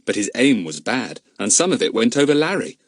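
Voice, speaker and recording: Expressive male audiobook narrator. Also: mid-range voice, brisk, dry recording, clean studio sound. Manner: expressive storytelling. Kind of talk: scripted narration.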